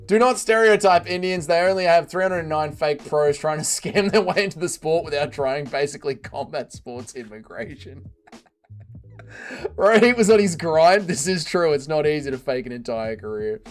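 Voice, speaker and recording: A man's voice: a little high, expressive, moderate pace. A man hosting a livestream, reading viewer comments aloud with joking, profane banter. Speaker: livestream host.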